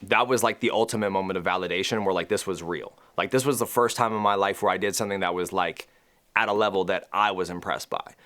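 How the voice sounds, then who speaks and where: A man's voice: low voice, steady tone, fast talker, a bit bright, a little hiss or hum. A young man, a rapper, telling his story in a casual, slangy way with lots of "like" fillers. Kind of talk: reflective personal storytelling.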